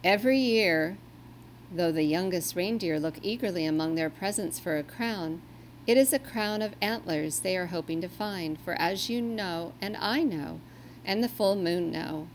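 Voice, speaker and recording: A woman reading a children's story aloud in a gentle, expressive storytelling way. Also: fairly low pitch, normal speed, a little hiss or hum.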